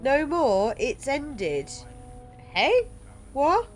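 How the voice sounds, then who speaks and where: A woman's voice: high voice, very animated, extremely slow, faint music behind. A woman streaming a game playthrough, reading its text aloud and chatting casually, swearing now and then.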